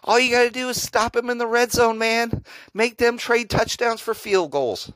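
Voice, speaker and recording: A man's voice: extremely high pitch, normal speed, fairly bright tone, dry recording, low-quality recording. A man hosting a solo sports podcast, ranting sarcastically and profanely about a rival team's staff. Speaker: podcast host. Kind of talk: solo sports reaction rant.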